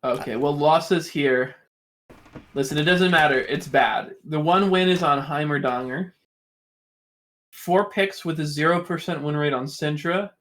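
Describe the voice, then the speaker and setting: A man's voice: on the high side, measured pace, a bit bright. A man co-hosting a casual esports podcast, ranting emphatically and with exasperation. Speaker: podcast co-host.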